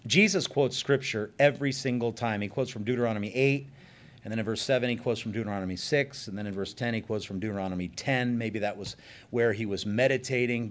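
A man preaching a sermon in a conversational way, with joking asides and sudden shifts from soft remarks to emphatic bursts. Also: mid-range voice. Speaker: pastor.

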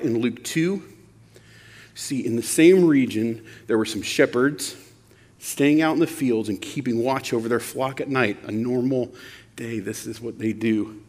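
A man preaching a sermon, conversational and animated, asking the audience rhetorical questions. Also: medium pitch, in a large hall. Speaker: pastor.

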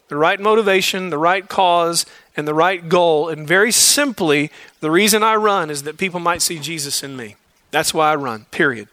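A man's voice: sits high, bright, forceful tone, no room sound. A man leading a men's Bible study, preaching in a direct, exhorting way and repeating key phrases. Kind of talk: sermon to a men's group.

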